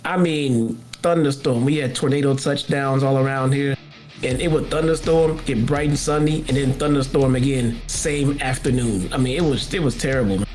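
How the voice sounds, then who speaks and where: A man's voice: medium pitch, fairly even intonation, darkish tone, soft background music. Blunt opinionated co-host man. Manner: blunt, opinionated, halting with fillers. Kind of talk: casual live-stream chat.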